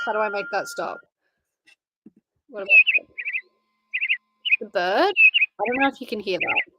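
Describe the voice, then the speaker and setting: A woman's voice: medium pitch, pushed and bright. A tired young woman, chatting casually on a livestream and answering chat messages. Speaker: livestream host. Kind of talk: casual live-stream chat.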